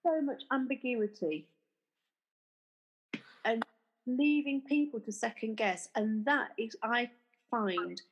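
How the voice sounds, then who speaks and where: A woman's voice: on the high side, dull audio. Woman retelling a workplace row. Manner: retells arguments by acting out quoted dialogue; halting, with fillers and restarts. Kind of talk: casual conversational storytelling.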